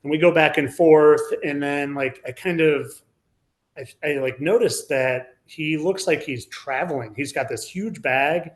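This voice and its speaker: A man's voice: a little high, measured pace. A man in his forties, a podcast guest telling a personal story in a rambling, casual way, full of "like" fillers. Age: 40s.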